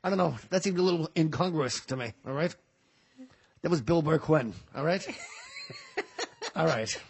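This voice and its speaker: A man's voice: on the high side, normal speed, creaky, breathy edge. A male comedian guest on a podcast, joking and rambling in casual banter, often mocking himself.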